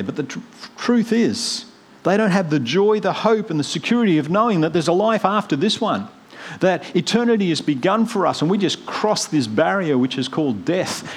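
A man's voice: a little high, creaky, husky. Earnest man preaching a sermon. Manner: earnest, swings from hushed storytelling to rising emphatic appeals.

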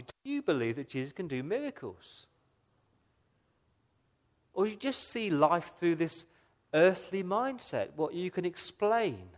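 A man preaching a sermon as a pastor, earnest, asking the listeners questions and swinging between loud emphasis and soft, quiet lines. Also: a little high.

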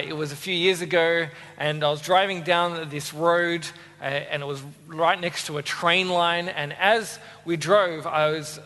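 An Australian man preaching a sermon, telling a story with lively acted-out voices. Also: fairly high pitch. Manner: animated storyteller, acts out voices. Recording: long hall reverb.

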